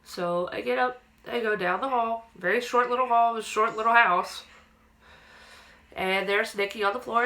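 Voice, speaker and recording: A woman's voice: mid-range voice, bright, forceful tone, rough recording. A young woman vlogger casually telling a personal ghost story to camera, acting out quotes in a raised childlike voice.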